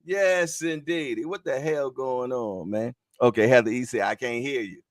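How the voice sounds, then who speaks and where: A man's voice: medium pitch, normal speed, no echo, studio quality. A man hosting a casual live stream, joking, laughing often and reading viewer comments aloud in loose slang. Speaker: livestream host.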